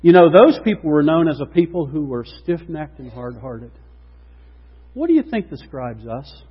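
A male pastor preaching a sermon in a church, animated, swinging from loud emphasis to hushed tones. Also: on the high side, moderate pace, slightly rough. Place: church sanctuary. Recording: dull lo-fi recording with long hall reverb.

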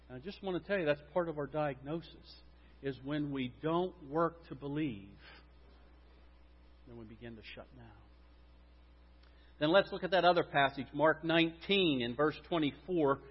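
A high-pitched male pastor delivers a sermon with emphatic swings between loud stresses and hushed drops. His voice rings with long reverb, and the sound is somewhat dull. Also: moderate pace.

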